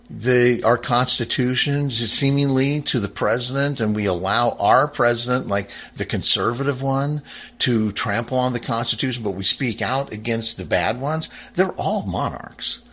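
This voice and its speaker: A man's voice: a little slow, fairly bright tone, breathy edge. A man giving an impassioned political monologue, reading aloud and commenting on it, emphatic, with frequent restarts. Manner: fervent, emphatic and rising in pitch when angry, with frequent restarts.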